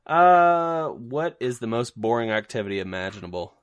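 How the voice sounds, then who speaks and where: A man's voice: medium pitch, sing-song, normal speed, no echo, dull audio. A man co-hosting a podcast in casual chat, joking loosely with many restarts and fillers. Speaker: podcast co-host.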